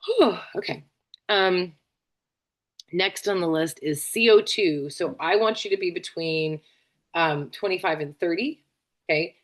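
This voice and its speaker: Chatty lower-voiced woman explaining labs. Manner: chatty, lots of fillers and asides. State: tired, yawning. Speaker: functional medicine practitioner. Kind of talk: casual explanatory lesson.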